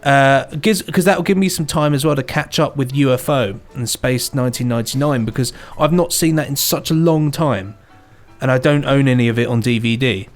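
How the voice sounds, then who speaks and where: Man, podcast co-host, mid-pitched voice, rambling and keen, soft music bed. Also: a little fast. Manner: rambling, enthusiastic, hums theme tunes. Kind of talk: casual chat.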